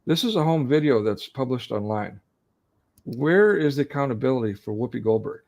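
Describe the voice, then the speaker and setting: A man's voice: mid-range voice, expressive, a little fast, a little mellow. Earnest emotional man on a video call. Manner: earnest, emotionally charged, frequent restarts. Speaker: co-host. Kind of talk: casual online discussion.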